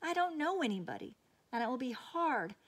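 A woman reading aloud as a reluctant, gloomy schoolgirl who drags out her words in a slow, whiny way. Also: sits high, sing-song, husky, voice pushed up, exaggerated voice. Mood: stubborn, whiny.

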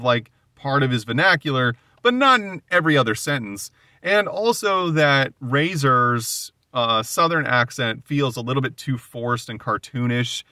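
A man's voice: mid-range voice, pushed and bright, dry recording. A man hosting a casual solo comic book commentary, talking animatedly with frequent fillers and exasperated asides.

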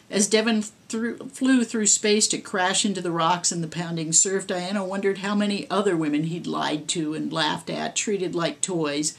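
Woman author reading her spooky story, lower voice, steady pace. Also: moderate pace, creaky. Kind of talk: reading her own horror story aloud.

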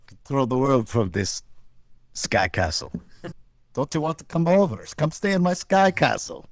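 A man voicing a mock Russian villain in a deliberately bad put-on Russian accent, hammy and over the top. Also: medium pitch, sing-song, no room sound, clean studio sound, pitched above the performer's own voice. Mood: hammy menacing.

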